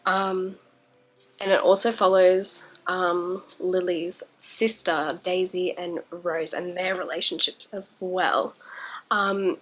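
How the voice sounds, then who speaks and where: A woman's voice: lowish voice, flat delivery, takes it slowly. A young woman who is congested from illness chats hesitantly about books in a casual vlog, with many fillers. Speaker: indie author and book vlogger.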